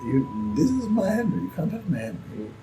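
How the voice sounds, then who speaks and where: A man voicing a frantic, doting male farmer with a shrill, wailing, fussy manner. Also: very animated, moderate pace, warm tone, soft background music, low-quality recording. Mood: possessive.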